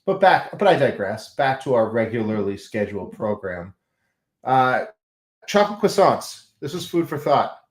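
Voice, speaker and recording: A man chatting casually and musing out loud on a late-night livestream from his off-grid farm, slightly stuffy with a runny nose. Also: medium pitch, very animated, moderate pace. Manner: rambling, musing, self-mocking asides. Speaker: off-grid homesteader streaming live. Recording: roomy echo.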